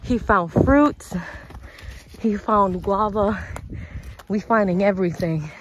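A woman's voice: medium pitch, takes it slowly, slight background noise. A young woman from the Dominican Republic, vlogging while hiking up a mountain trail, out of breath and laughing often, with her family talking nearby. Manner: breathless and giggly, with frequent laughs. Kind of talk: casual vlog chat. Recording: other voices chattering nearby outdoors.

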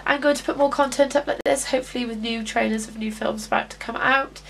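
A woman's voice: fairly high pitch, fairly even intonation, fast talker, vocal fry, a bit bright, a little hiss or hum. A young woman vlogging her reaction to a trailer, gushing and emotional, close to tears. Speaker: YouTube vlogger.

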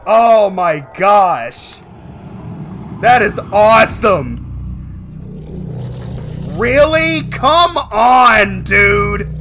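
A man giving excited gameplay commentary as a gaming channel host, with loud, animated exclamations. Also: high-pitched, drawn-out words, long pauses, a little hiss or hum.

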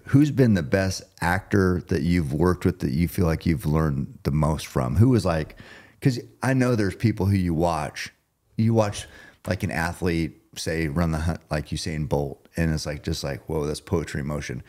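A man's voice: low-pitched, a little mellow. A man hosting a podcast, asking rambling conversational questions. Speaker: podcast host. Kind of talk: casual interview conversation.

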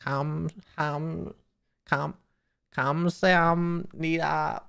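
A man's voice: medium pitch, normal speed, a bit bright. A young man streaming casually, joking and swearing as he stumbles over new phrases. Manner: joking, profane, self-mocking. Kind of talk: casual livestream chat.

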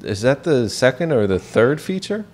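A man's voice: medium pitch, big pitch swings, normal speed, darkish tone. Podcast guy, blunt and fired up, voice jumps around a lot, cusses a bunch. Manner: blunt, fired-up, swears freely. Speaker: podcast co-host. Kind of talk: casual chat.

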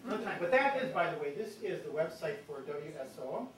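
In an echoey meeting hall, a birding society's guest presenter talks fast and expressively in a fairly high voice, getting the audience to chant along as if conducting them. The mic is at a distance, the audience can be heard, and there's slight background noise.

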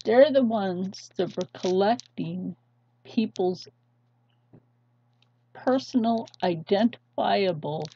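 Woman vlogger, husky and unhurried, urgent and pleading, dull lo-fi audio. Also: fairly high pitch, mellow. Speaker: channel host. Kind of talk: impassioned vlog rant. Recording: dull lo-fi sound.

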